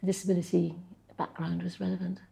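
An older woman in an interview, telling stories about her research career in a chatty, anecdotal way, with soft laughs and frequent pauses. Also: lowish voice, level tone, vocal fry, husky. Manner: anecdotal, chuckling, with frequent ums and restarts. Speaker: interviewee, social policy researcher. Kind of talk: reflective conversational interview.

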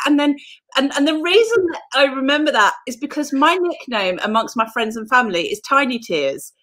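Southern english woman hosting a live chat, chatty and upbeat, fairly high voice, swears a bit. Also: animated, brisk, bright, forceful tone. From southern England. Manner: chatty, enthusiastic, swears casually. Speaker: host. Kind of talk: casual live-stream chat.

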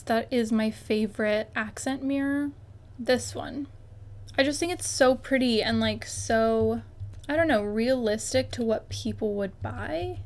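A young woman with a high, bright-toned voice gives relaxed, unhurried commentary as she plays. She is bubbly and chatty, gasping and talking to the game objects as if they could hear her. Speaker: gaming YouTuber. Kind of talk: casual gameplay commentary.

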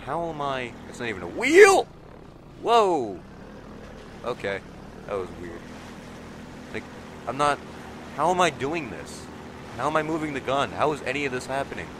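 A teenage boy with a nasal, stuffy voice from allergies, giving excitable let's play commentary and yelping at sudden moments. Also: normal speed, pauses often, slight background noise. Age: teens. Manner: excitable, yelps and shouts in sudden pitch jumps. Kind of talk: casual gameplay commentary. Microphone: desk mic resting on a table.

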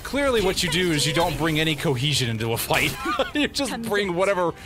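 Young male game host, wry and jokey, higher voice that moves around a lot, music under him. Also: sing-song, brisk. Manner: wry, laughing, jokey asides. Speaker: let's play host. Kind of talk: joking game commentary.

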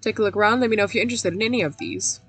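A woman reading a brisk gem shopkeeper. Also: medium pitch, fairly bright tone, breathy edge, faint music behind, pitched above the performer's own voice.

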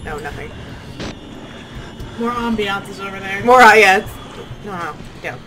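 A woman plays through a horror game and talks in a slow, wandering way. Her pitch swings widely between hushed mutters and frightened outbursts. A steady hiss of game noise sits under her voice. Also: rough recording. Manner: jumpy, muttering, frightened exclamations. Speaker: gaming channel host. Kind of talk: horror game let's play commentary.

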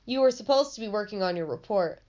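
A woman's voice: mid-range voice, animated, quick pace, a little mellow, natural voice. A woman voicing a stern father scolding his son, read from a storybook in a slightly muffled recording. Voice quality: stern, clipped.

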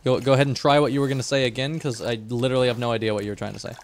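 A man's voice: medium pitch, fairly even intonation, very fast, slight background noise. Playful male streamer chatting. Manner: playful, chatty, joking with chat. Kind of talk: casual livestream gaming chat.

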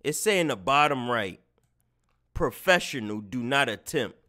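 A man's voice: mid-range voice, a little slow. A man streaming live, reacting to clips and mocking them to his chat in casual talk. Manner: animated, mocking, talks to chat.

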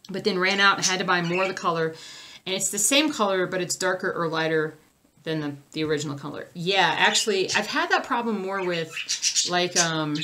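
A woman's voice: on the low side, pushed and bright, a little hiss or hum. A young adult woman, a cross stitch vlogger, chatting casually and rambling as she answers viewer comments. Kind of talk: casual livestream chat reading comments.

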